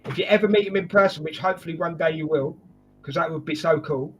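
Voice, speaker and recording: A man's voice: on the high side, quick pace, a bit bright, soft background music. A man hosting a casual football preview chat, joking and calling his guests mate. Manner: jokey, chatty, addresses guests as mate. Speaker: host.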